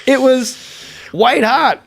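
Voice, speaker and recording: A man's voice: very high-pitched, takes it slowly, gravelly, husky. A middle-aged man, a comedian, telling a story in casual chat and acting out the voices in it. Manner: animated, acts out voices in his stories. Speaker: guest comedian.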